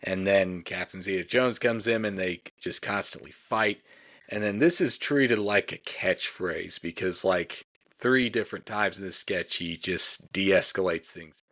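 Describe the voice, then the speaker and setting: A man's voice: sits low, measured pace, fairly bright tone. A man co-hosting a podcast, recapping comedy sketches in a rambling casual chat full of "like" and "you know". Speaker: podcast co-host.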